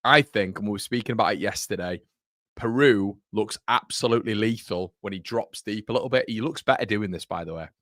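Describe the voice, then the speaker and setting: Low-voiced man chatting on a dry mic. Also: a little fast, fairly bright tone, no echo. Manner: rambling, self-correcting, addresses viewers as mate. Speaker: fan channel host. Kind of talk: casual livestream chat, reading viewer comments.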